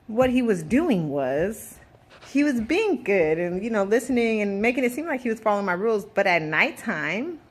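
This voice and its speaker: A woman's voice: medium pitch, big pitch swings, moderate pace. A woman in her thirties, a mother venting in a casual vlog, blunt and profane with rambling asides. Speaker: parent vlogger.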